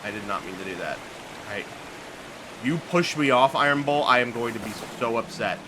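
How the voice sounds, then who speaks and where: A man's voice: mid-range voice, lively intonation, a little fast, background noise. A man streaming a game live, joking, swearing and muttering to himself as he plays. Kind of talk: live gameplay commentary.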